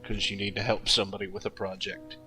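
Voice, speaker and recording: A man's voice: fairly low pitch, level tone, quick pace, sharp tone, soft background music, poor audio. A young man telling a story while drawing, rambling and laughing often, full of fillers and restarts. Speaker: artist streaming while drawing.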